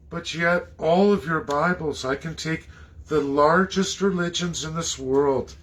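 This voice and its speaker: A man from Canada delivering an impassioned political rant, firing off rhetorical questions and swinging into high, mocking tones. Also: fairly bright tone. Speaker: political commentator.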